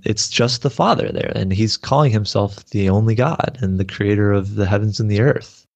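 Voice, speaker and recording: A man's voice: fairly low pitch, normal speed, gravelly. A man talking as a guest in a casual theology discussion, earnest and loose, with many fillers. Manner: earnest, lots of "like" and "you know".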